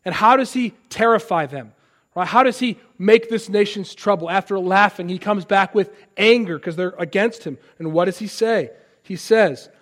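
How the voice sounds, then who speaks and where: Male pastor, high voice, sermon, builds to loud passionate peaks, then quiet asides. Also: normal speed. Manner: impassioned preaching, swells loud on key lines; drops to soft, conversational asides.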